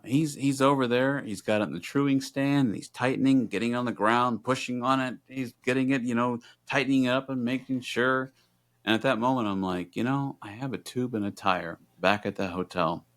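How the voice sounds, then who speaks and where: A middle-aged man co-hosting a podcast tells a story in casual chat, voicing both sides of the conversations he recounts. His voice is medium in pitch and a bit bright, and he speaks at a moderate pace.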